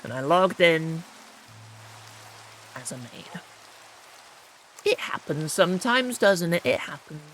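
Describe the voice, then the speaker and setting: A woman's voice: fairly low pitch, big pitch swings, takes it slowly, long pauses, a little hiss or hum. A woman streaming a game, chatting playfully and poking fun at herself as she plays. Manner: playful, chatty and self-mocking while playing. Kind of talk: casual gaming stream chat.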